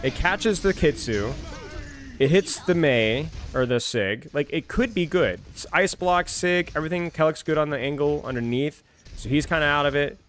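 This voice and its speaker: A man's voice: on the high side, lively intonation, moderate pace, a bit bright, soft background music. A man casually reviewing an esports match, rambling and exasperated, repeating phrases over and over. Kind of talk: casual game review commentary.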